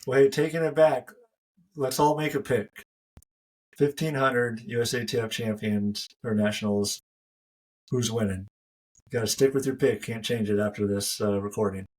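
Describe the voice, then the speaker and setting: A man's voice: medium pitch, fairly even intonation, moderate pace, darkish tone, slightly rough, low-quality recording. A man co-hosting a casual podcast with friends, easygoing and upbeat, steering the conversation along. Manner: easygoing, upbeat, runs the segments. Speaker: podcast co-host. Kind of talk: casual chat among friends.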